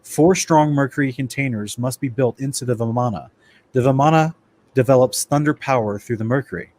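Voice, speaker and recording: This man's medium-pitched, darkish voice moves fairly quickly as he presents an informal Bible study lecture. He talks to his audience as "guys," occasionally stumbling and starting over during readings.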